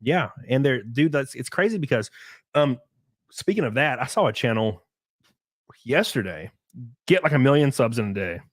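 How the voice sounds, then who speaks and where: A young man hosts a casual podcast chat, excitable and joking, with plenty of swearing. His voice sits at an ordinary pitch for a man. The sound is dry and close, with no room around it. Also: moderate pace, long pauses, dry recording. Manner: excitable, swears a lot, jokes with mock voices. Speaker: podcast host.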